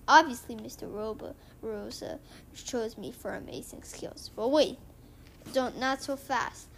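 A woman reading a comic book aloud and retelling its story in a halting way, with many restarts. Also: on the high side, gravelly, slight background noise. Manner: halting, with frequent restarts and fillers.

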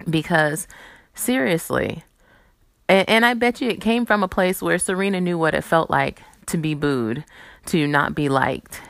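A woman host with a lowish voice talks in a chatty, animated way. She slips into quoted voices as she tells a story. The sound is dry and close. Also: unhurried, creaky, dry recording. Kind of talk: casual chat and movie previews.

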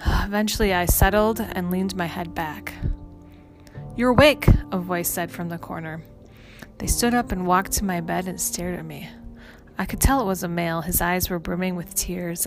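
Woman reading a story in first person, lowish voice, steady, music playing under. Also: moderate pace. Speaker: story narrator. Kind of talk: scripted first-person narration.

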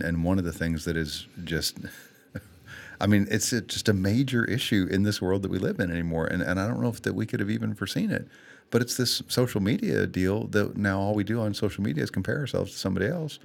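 This co-host of a casual faith-based podcast has a deep, gravelly voice and a brisk delivery. Earnest and candid, he pokes fun at himself and laughs a lot, and heartfelt moments bring him to tears.

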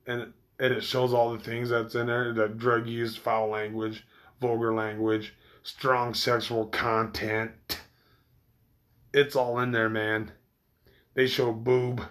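A man's voice: mid-range voice, little pitch movement, takes it slowly, a bit bright. Rambling, profane man chatting casually. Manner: rambling, loose and profane, with many restarts. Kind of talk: casual chat.

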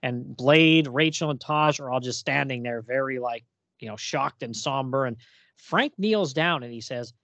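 A man's voice: medium pitch, normal speed, dry recording. A man co-hosting a casual comics chat, retelling scenes and acting out the quoted dialogue. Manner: animated, acts out quoted dialogue in reading. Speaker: podcast co-host discussing comics.

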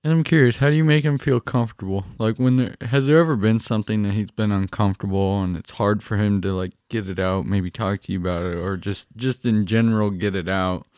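Guy hosting a podcast, lowish voice, curious questions, dry sound. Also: steady tone, brisk, hardly any pauses, a little mellow, no room sound. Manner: friendly, curious, loosely phrased questions. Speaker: podcast host. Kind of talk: casual interview questions.

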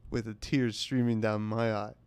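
A man's voice: lowish voice, flat delivery, normal speed, a little mellow, clear, resonant tone, dry recording. A young man hosting a podcast, telling a rambling, self-mocking comic story and acting out other people's lines. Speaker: podcast host. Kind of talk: comedic storytelling monologue.

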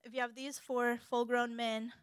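A young woman delivers a sermon with animated, humorous energy. Her voice sits a little high. The sound is dry and close, with no room echo. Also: moderate pace, smooth.

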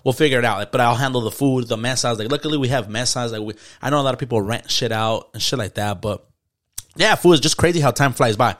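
A man's voice: medium pitch, fast talker. A young man, telling a story in casual podcast chat, slangy and profane, dropping in Spanish words. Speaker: podcast host.

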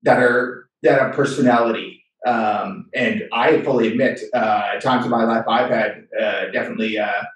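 An Australian man of middling pitch hosts a casual interview. He speaks in a loose, hesitant way full of fillers. His voice comes from well back in a very echoey room. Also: moderate pace, few pauses. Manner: relaxed, hesitant with many fillers. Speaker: podcast host. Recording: distant echoey room mic.

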